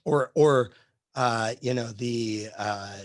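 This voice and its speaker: A man's voice: medium pitch, slow, dry recording. A man teaching history in a casual live class discussion, rambling with many fillers and restarts.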